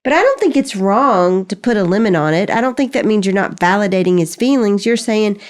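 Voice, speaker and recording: A woman's voice: medium pitch, animated, fairly quick. Chatty older woman giving parenting advice. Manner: chatty, reassuring, motherly. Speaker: podcast host answering parenting questions. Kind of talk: casual chat.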